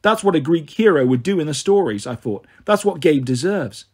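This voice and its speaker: Husky-voiced man narrating a story. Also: a little high, moderate pace. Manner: first-person storytelling, steady reading. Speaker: audiobook narrator. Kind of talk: scripted narration.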